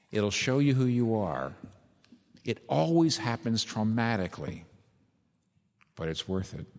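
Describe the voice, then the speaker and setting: Preacher with a long hall echo. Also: male voice, lowish voice. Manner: vivid storytelling, emphatic. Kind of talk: sermon.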